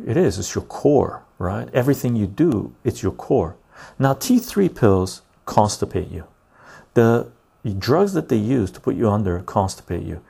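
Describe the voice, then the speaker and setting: A man's voice: medium pitch, gravelly, breathy edge. A man hosting a talk show in a blunt, profane casual monologue, often ending points with "right?" and dropping to near-whispered asides. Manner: swings from loud to hushed, near-whispered asides. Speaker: podcast host.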